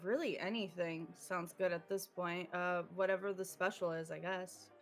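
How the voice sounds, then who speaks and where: A woman playing in a tabletop game, chatting excitably. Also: on the low side, moderate pace, soft background music. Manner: excitable, laughing. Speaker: player. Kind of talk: casual chat.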